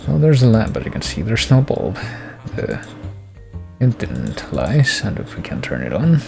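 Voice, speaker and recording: A man gives wry, rambling game commentary, his low voice gravelly with fry. His pitch swings widely as he muses aloud, with faint music underneath. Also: huge pitch swings, moderate pace, dark tone. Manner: wry, rambling, chuckling asides. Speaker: streamer.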